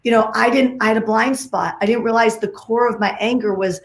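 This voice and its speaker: Woman guest speaker, high voice, emphatic and repetitive, roomy video-call sound. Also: fairly even intonation, fairly quick. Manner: emphatic, repeats phrases, many "like"s. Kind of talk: energetic summit talk.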